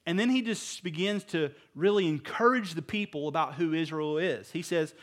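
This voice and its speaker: A middle-aged male pastor preaching a sermon, emphatic, swinging between loud stresses and hushed asides and putting rhetorical questions to his listeners. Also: on the high side, moderate pace. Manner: asks the audience rhetorical questions.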